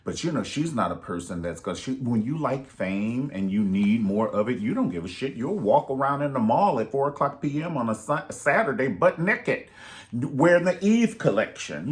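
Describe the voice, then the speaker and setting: A man's voice: on the low side, expressive, moderate pace. A man giving sassy, profane, rambling gossip commentary in a vlog.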